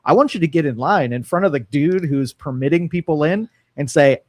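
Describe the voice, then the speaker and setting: A man's voice: a little high, fairly quick, hardly any pauses, a little mellow. An American man co-hosting a call-in talk show, teasing his co-host in a wry, joking way. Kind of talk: casual talk show chat.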